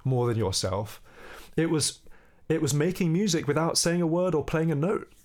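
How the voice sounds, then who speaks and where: A man's voice: a little high, normal speed. Man, young adult, musician guest, reflective conversational storytelling, breaks into song snippets. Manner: animated, sings snippets of melody while telling the story.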